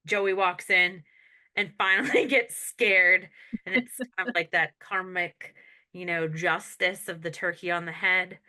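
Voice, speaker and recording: A woman co-hosting a podcast, casually recapping a sitcom episode in an animated way and laughing often as she retells scenes. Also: on the low side, a little slow. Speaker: podcast co-host.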